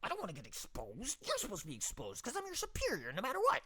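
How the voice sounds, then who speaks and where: A man's voice: high-pitched, wildly swooping pitch, fast talker, a little hiss or hum, pitched above the performer's own voice, heavily acted. A man voicing a bossy, foul-mouthed superior who scolds and curses. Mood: scolding. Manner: profane, domineering shouting. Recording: loud music behind the voice.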